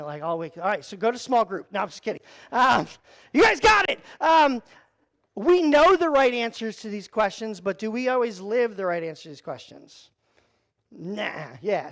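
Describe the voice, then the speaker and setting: A man leading a church youth group talk, telling a personal story in an animated, joking way, full of "like" and "um". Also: extremely high pitch. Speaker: youth pastor.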